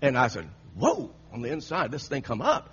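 A man's voice: medium pitch, sing-song, moderate pace, a bit bright, husky. A man preaching a sermon, telling a story with frequent laughter and repeated phrases, on a dull lo-fi recording with a faint hum.

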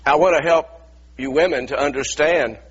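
Male preacher, husky and bright, impassioned sermon delivery, dull lo-fi sound. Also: a little high, normal speed. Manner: impassioned, acts out biblical voices.

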